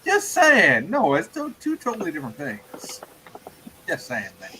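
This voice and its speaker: A man's voice: a little high, huge pitch swings, measured pace, background noise. A man hosting a live morning talk stream, joking and teasing his guests while chatting casually. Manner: joking, teasing, laughs often. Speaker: show host. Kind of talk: casual chat.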